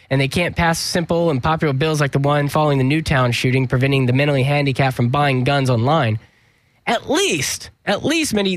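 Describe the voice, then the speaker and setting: A man's voice: fairly high pitch, fairly bright tone, dry recording. A young man hosting a comedy news segment, sarcastic and joking, often stumbling and restarting his sentences. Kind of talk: mock news comedy monologue.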